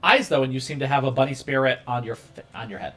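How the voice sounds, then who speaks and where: A man's voice: medium pitch, fast, a bit bright. A man narrating a tabletop game as game master, rambling with many fillers and restarts, into a home microphone with a pop filter.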